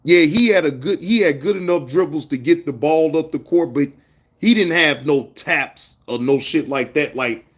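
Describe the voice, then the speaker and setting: A man with a fairly high voice hosts a casual livestream and talks straight to his chat. He is animated and loose with slang, calling out viewers by name between stories. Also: moderate pace. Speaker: livestream host.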